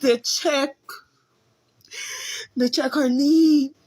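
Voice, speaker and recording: A woman's voice: high-pitched, fairly even intonation, very slow, a little mellow, no room sound. A woman with a Guyanese accent, a mother giving an emotional, repetitive account of her daughter's hospital care. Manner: pleading, repetitive retelling. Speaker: mother of a sick patient.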